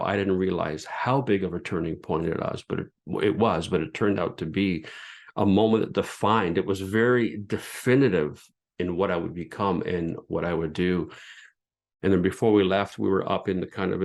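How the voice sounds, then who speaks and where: A middle-aged man with a deep, low voice tells his own story on his podcast. He talks in an earnest, reflective way and often restarts his sentences as he goes. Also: fairly even intonation, normal speed, creaky. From Canada. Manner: earnest, reflective, with frequent restarts and filler phrases. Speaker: podcast host and former pastor. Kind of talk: personal storytelling monologue.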